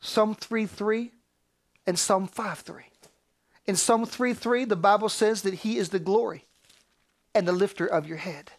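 A man preaching with fervent, repetitive cadence. His sermon swings between near-shouted declarations and soft, hushed whispers. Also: sits high, measured pace, pauses often. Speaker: pastor.

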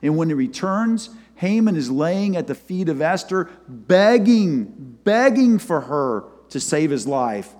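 A man preaching a sermon and retelling a scripture story, his voice swinging from loud to soft. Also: fairly high pitch, sing-song, takes it slowly, hardly any pauses. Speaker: pastor. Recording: long hall reverb.

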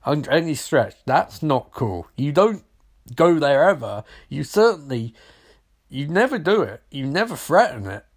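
A man's voice: on the high side, big pitch swings, unhurried. A man casually recapping a film in a rambling, wry and sarcastic way, swearing now and then. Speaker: film reviewer.

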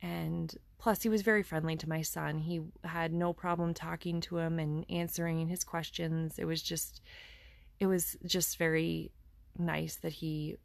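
A woman's voice: low voice, flat delivery, measured pace, creaky, no room sound. A woman in her thirties telling a personal story in an earnest, conversational way, often restarting her sentences.

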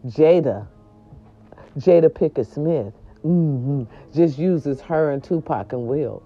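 Woman, gossip host, profane, sweeping pitch swings, mellow tone, dull lo-fi recording. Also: unhurried. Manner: loud, animated, swooping and profane. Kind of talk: casual celebrity gossip monologue. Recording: dull lo-fi sound.

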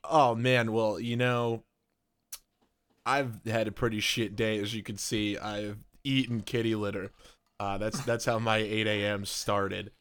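A man's voice: lowish voice, little pitch movement, measured pace, a bit bright, clear, resonant tone. A man playing a character in a comedy tabletop game, joking casually with hesitant fillers. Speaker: player. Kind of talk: improvised role-play.

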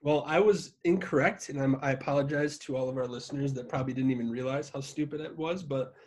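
A man's voice: medium pitch, quick pace, a little mellow. A man co-hosting a podcast in casual chat, swearing freely and rambling in a self-deprecating way. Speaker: podcast co-host.

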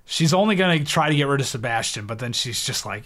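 A man's voice: medium pitch, fairly quick, fairly bright tone. A man in his thirties co-hosting a podcast, recapping a film in casual chat with joking asides and frequent laughs. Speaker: podcast co-host.

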